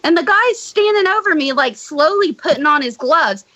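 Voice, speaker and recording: A woman with a bright, higher-pitched voice recounts a story in casual conversation. She is blunt and swears freely, building the tale with animated energy. The sound is close and dry. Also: moderate pace, no room sound, muffled recording. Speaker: podcast guest.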